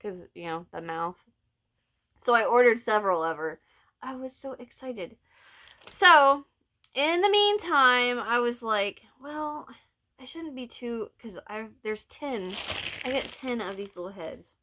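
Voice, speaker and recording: A woman's voice: fairly high pitch, animated, measured pace, pushed and bright. A middle-aged woman with a Southern Illinois accent chatting casually about her crochet projects, telling stories and laughing often. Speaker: vlog host, crocheter. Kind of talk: casual chat.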